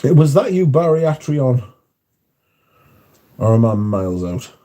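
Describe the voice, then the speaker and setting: Mellow-voiced British man chatting casually. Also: mid-range voice, very animated, a little slow. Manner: chatty, swears freely, frequent fillers. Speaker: livestream host reading viewer comments. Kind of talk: casual chat.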